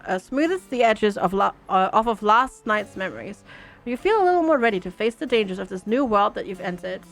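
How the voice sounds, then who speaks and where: A woman's voice: fairly high pitch, a bit bright. Playful woman reading game text. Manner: playful, laughs often. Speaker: gaming channel host. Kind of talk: reading game text aloud with casual commentary.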